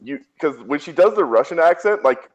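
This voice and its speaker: A man's voice: a little high, expressive, a little fast, dull audio. A man playing in a tabletop game, chatting casually in a playful way with frequent laughter. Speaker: tabletop player. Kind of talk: casual chat.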